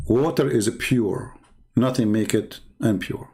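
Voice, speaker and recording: A man hosting an online debate show in a sarcastic, halting monologue. His pitch sits in a middling range, and he peppers his mocking remarks with "you know" and "like". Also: warm tone. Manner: mocking, halting, full of fillers.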